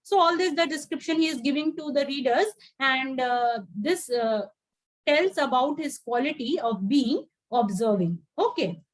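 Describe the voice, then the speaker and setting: A woman tutor teaching an online English class, reading a story aloud and explaining it line by line with patient pauses. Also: high voice, expressive. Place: home, on a video call.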